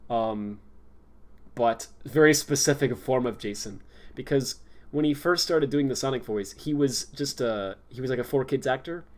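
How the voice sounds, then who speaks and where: A young man talks loosely on a livestream, circling his points with fillers and frequent laughs. His voice sits at an ordinary middle pitch. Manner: rambling, laughs often, lots of fillers. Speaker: streamer. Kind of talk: casual chat.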